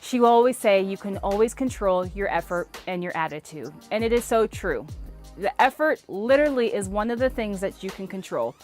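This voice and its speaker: A woman in her thirties, a former softball player, telling a lively motivational story to camera. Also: medium pitch, brisk, faint music behind.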